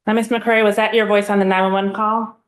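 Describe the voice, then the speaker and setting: Woman attorney questioning a witness, steady and measured, roomy courtroom sound. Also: mid-range voice. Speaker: prosecutor.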